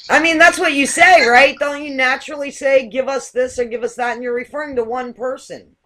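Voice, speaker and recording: A woman's voice: high voice, steady tone, brisk, pushed and bright. A woman hosting a casual chat show, asking curious, rambling questions. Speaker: host.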